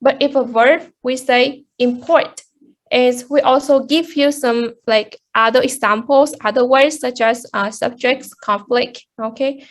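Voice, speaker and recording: Young woman, high voice, halting class presentation with lots of ums. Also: steady tone. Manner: hesitant, many fillers and restarts. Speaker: student presenter.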